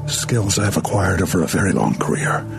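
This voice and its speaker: An actor playing a middle-aged father who calmly threatens his daughter's kidnappers in a film clip. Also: vocal fry, full character voice. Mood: cold menace. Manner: slow, low, menacing calm. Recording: film clip with loud music underneath.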